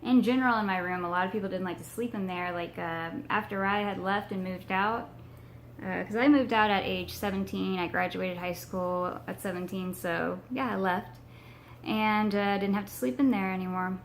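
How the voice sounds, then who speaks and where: Hoarse young woman vlogging from home. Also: medium pitch, steady tone, normal speed, a little hiss or hum. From Texas. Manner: rambling, many ums and restarts. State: hoarse from a sinus infection. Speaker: paranormal vlogger. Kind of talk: casual vlog chat to camera.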